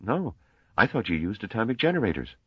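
A man's voice: lowish voice, big pitch swings, a little fast, breathy edge, no room sound, lo-fi sound, pitched above the performer's own voice. A man voicing a young, earnest male mathematician who sounds hesitant and polite. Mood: earnest, puzzled.

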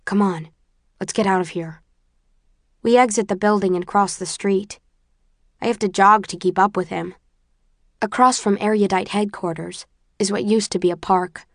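Woman reading a novel out loud, calm measured delivery, pretty dry sound. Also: medium pitch, no room sound. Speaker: audiobook narrator. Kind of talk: first-person audiobook narration.

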